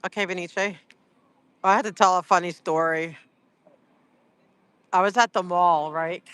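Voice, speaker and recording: Casual livestream host, teasing and rambly; bright, forceful voice, dry close phone sound. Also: medium pitch, steady tone, moderate pace, clean tone, dry recording. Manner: rambling, full of "like" and "you know"; teasing, chatty. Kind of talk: casual livestream chat with viewers.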